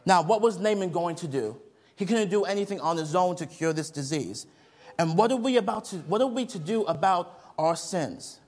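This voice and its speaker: Young male children's preacher, slightly high voice, animated storyteller. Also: moderate pace. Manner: lively storytelling, questions to the kids. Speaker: children's Bible teacher. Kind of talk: children's sermon.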